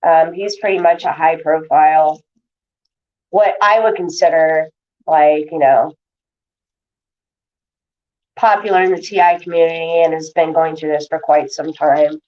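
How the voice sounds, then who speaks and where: A woman's voice: sits low, steady tone, measured pace, long pauses. A woman ranting to her viewers on a livestream, irritated and swearing. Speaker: vlogger. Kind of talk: casual livestream talk to viewers. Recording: distant dull lo-fi audio.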